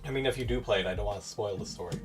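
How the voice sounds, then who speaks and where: A man's voice: on the low side, racing, music in the background. A man in casual chat as a stream co-host, easygoing and rambling with fillers.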